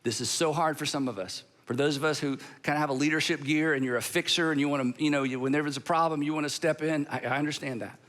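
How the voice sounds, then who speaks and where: A male pastor in his sixties delivering a sermon with emphatic pauses, leading the congregation to repeat phrases aloud. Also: a little high. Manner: animated, emphatic, pauses for effect; leads the congregation in call-and-response practice.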